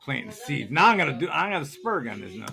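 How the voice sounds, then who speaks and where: A man's voice: mid-range voice, big pitch swings, quick pace, creaky, bright, forceful tone. A man vlogging in a grocery store, ranting in a conspiratorial way and asking "see how that works" over and over. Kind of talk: ranting shopping vlog.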